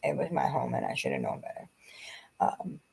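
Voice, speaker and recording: Gravelly-voiced woman in her forties venting. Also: rumbling low, wildly swooping pitch, moderate pace, dark tone. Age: 40s. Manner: rambling, restarting, venting. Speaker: vlogger. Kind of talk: emotional personal vlog.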